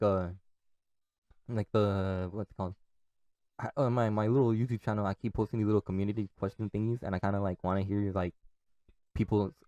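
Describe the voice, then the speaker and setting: Low, mellow-voiced young man rambling. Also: no echo. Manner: profane, laughs often, restarts and trails off. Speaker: podcast host. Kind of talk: casual rambling monologue.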